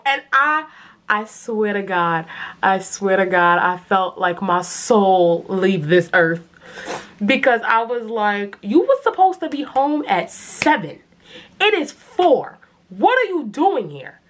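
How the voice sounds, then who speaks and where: A woman, telling a personal story to the camera and acting out the quotes. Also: fairly high pitch. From New York City. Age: 20s. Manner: animated, dramatic storytelling with acted-out quotes. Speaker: vlogger. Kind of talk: casual storytime.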